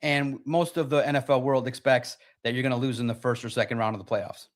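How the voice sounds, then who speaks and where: A man hosting a live-stream sports talk show, reading chat and talking in an animated, sarcastic, rambling way. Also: medium pitch, fast talker.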